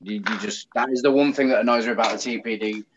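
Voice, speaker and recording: A man's voice: medium pitch, quick pace, noisy background. A man with an English accent, chatting casually as a guest and ranting with feeling. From United Kingdom. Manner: animated, ranting. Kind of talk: casual chat. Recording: dull lo-fi sound.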